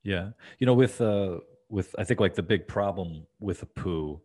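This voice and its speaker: A podcast host with a warm voice that sits low talks at normal speed in casual conversation. He rambles, with lots of fillers and restarts.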